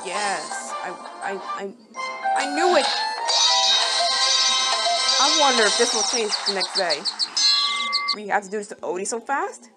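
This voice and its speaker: A woman giving rambling, casual game commentary, breaking into sudden excited exclamations. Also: medium pitch, unhurried, pauses often. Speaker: gameplay commentator. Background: game music.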